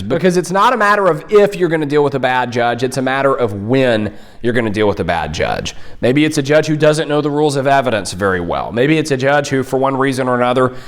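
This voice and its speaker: A young man who coaches mock trial, giving direct-to-camera advice in an earnest, conversational way. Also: medium pitch.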